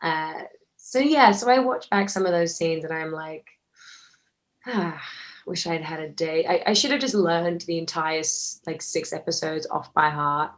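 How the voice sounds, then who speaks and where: A woman's voice: deep voice, normal speed. A woman, an actor answering questions casually, chatty with lots of fillers and restarts. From Australia. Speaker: actor, interview guest.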